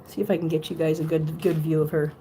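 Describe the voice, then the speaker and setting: A woman's voice: sits low, level tone, fast talker, warm tone. A woman hosting a casual livestream at home, chatting to viewers and cooing at her cats. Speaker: vlog host. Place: home room with litter boxes. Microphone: phone. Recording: echoey room with faint noise.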